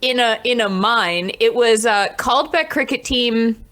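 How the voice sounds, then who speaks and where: A young woman co-hosts a podcast in loose, rambling chat. Her voice sits fairly high and sounds bright. She gets excited fast and breaks into laughter easily. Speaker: podcast co-host. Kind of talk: casual chat.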